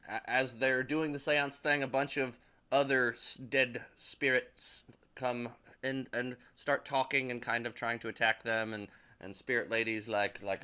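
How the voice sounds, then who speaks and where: Young man, casual movie recap, rambling, swearing, bright clear voice. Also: mid-range voice, a little slow. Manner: rambling, fillers, swearing, laughs at own jokes. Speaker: movie reviewer.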